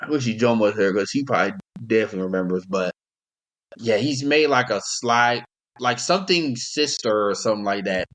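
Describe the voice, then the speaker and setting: A man's voice: lowish voice, a little fast, a bit bright. A young man co-hosting a casual podcast, talking in a rambling, laid-back way and laughing often. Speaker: podcast co-host. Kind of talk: casual chat.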